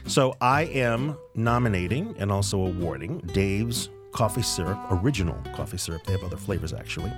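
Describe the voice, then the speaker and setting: A man from South Coast New England co-hosting a food podcast, chatting with enthusiasm and explaining things. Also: on the low side. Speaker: podcast co-host. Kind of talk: casual food podcast chat.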